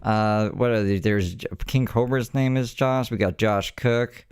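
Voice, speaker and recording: A man's voice: lowish voice, measured pace, darkish tone, clear, resonant tone, no room sound. A man, a streamer, chatting casually with dry, teasing banter. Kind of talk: casual chat.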